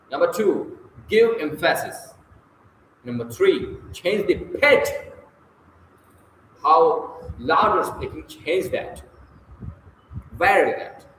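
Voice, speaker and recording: Slow, lively man answering textbook questions. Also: a little high, slight background noise. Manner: casual, self-correcting, talks to himself. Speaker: self-study reader. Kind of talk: reading and answering textbook exercises aloud. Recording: echoey room with faint ambience.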